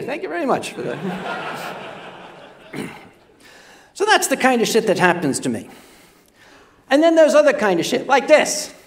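An older man telling a self-deprecating comic story on stage, stammering and repeating words as he goes. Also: very high-pitched. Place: convention stage before a live audience.

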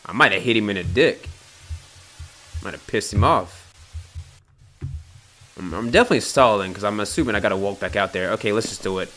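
A young man giving casual commentary on a horror game, loud, jumpy and swearing, taunting the monster and then panicking. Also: fairly low pitch, brisk, long pauses, a little hiss or hum. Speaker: gameplay streamer.

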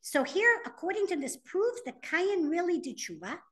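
A Torah teacher with a very high-pitched voice teaches a classroom of students at normal speed. She animatedly reads Hebrew sources aloud and then translates them as she explains.

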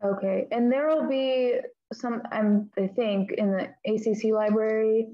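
Slow, hesitant female student. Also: on the high side, fairly even intonation, lo-fi sound. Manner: hesitant, asking questions with fillers.

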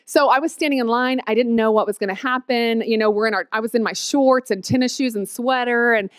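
A woman, telling her personal testimony in an animated, storytelling way. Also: fairly high pitch, fairly quick, smooth, no room sound, studio quality. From Oklahoma, USA. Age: 30s. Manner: animated storytelling, quotes herself with squeals and laughs.

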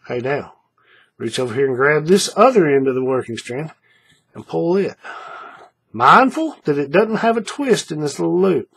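A man's voice: on the high side, lively intonation, moderate pace, vocal fry, fairly bright tone, husky. A man teaching a paracord bracelet craft in a hands-on tutorial, chatty and repetitive, often checking in with the viewer. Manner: chatty, repeats steps, checks in with "right?".

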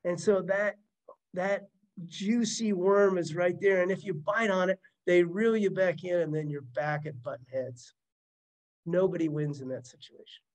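A man's voice: sits high, fairly even intonation, unhurried, poor audio. A middle-aged man, a marriage counselor, teaching a webinar in a conversational way, often checking in with "right?" and acting out example lines. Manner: conversational, uses tag questions and examples.

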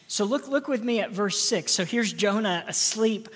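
Husky-voiced woman preaching a sermon. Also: mid-range voice, animated, normal speed, few pauses, a bit bright. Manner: earnest, repeats words as she builds a point. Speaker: pastor. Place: church sanctuary. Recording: long reverb of a church hall.

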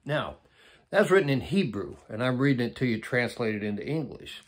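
A man's voice: medium pitch, animated, normal speed. A man in his seventies from Arizona, teaching a Bible passage in a conversational, plainspoken sermon and stressing the key phrases. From Arizona, USA. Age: 70s. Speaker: preacher.

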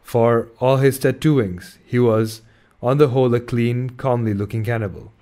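A man reading a classic novel aloud in a measured way, with small slips now and then. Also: medium pitch, steady tone, dark tone. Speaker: audiobook reader.

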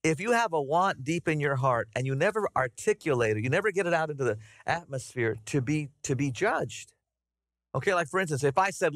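A middle-aged man preaching a conversational, animated sermon to his congregation. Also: on the high side, fast talker, dry recording, studio quality. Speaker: pastor. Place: church sanctuary.

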